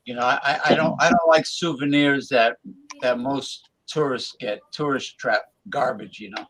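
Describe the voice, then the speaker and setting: A man chatting casually on a group call, halting often with fillers as he talks. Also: medium pitch, fairly bright tone, low-quality recording. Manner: hesitant, halting with many fillers. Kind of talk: casual chat.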